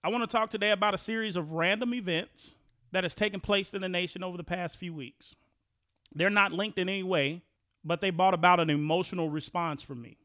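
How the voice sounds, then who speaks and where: A man's voice: high voice, fairly bright tone, dry recording, studio quality. A man hosting a podcast, talking in a casual, conversational way and often restarting his sentences as he thinks. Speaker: podcast host.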